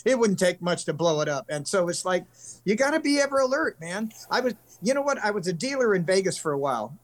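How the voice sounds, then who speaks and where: A man's voice: high-pitched, very animated, fast talker. An older man from California, a country singer guest telling long earnest stories in casual interview chat. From California, USA. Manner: earnest, rambling storyteller.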